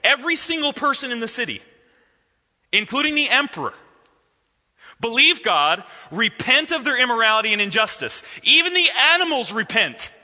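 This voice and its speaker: A man preaching a sermon in a church, his voice fairly high and very bright. He reads scripture slowly and then expounds with lively, swooping emphasis. The sound carries a long reverb from the hall. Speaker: pastor.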